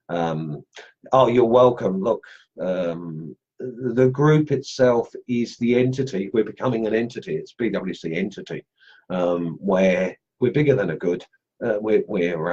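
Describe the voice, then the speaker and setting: Husky man rambling casually. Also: lowish voice, a little mellow, lo-fi sound. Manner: rambling, many fillers and restarts. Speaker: host of a wood carving group live stream. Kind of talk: casual live stream chat.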